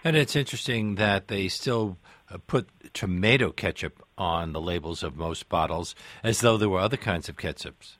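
A man hosting a radio interview, asking measured questions and reading out call-in details from a studio. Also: low voice, fairly bright tone, no echo. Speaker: radio show host. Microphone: studio microphone.

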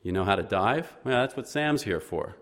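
A man putting on a tough young fish-house woman, blunt and shrewd. She teases and cuts people short in a low voice that is lifted only a little, read like an audiobook scene. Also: lively intonation, normal speed, a bit bright. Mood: teasing, blunt. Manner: blunt, teasing, curt. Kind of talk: audiobook reading.

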